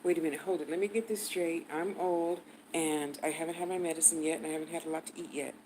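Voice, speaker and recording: A woman's voice: low voice, quick pace, slight background noise, poor audio. A woman in her sixties telling a story bluntly, swearing freely and dropping to mutters for asides. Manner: blunt, cursing, animated storyteller. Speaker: vlogger. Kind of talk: profane storytelling.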